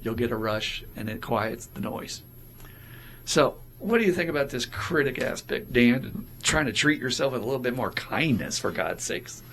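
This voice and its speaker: A man co-hosting a casual recovery podcast, talking openly and acting out quoted voices with animated energy. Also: medium pitch, normal speed, slight background noise. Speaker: podcast co-host.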